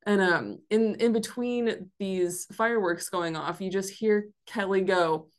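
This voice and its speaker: A woman's voice: medium pitch, measured pace, few pauses. A woman guest telling a family story in a casual, chatty way with many fillers. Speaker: history center staff guest.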